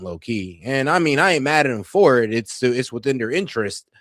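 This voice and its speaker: A man giving casual, slangy reaction commentary, laughing often and talking in an animated way. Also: mid-range voice, brisk, no echo, clean studio sound. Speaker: streamer reacting to clips.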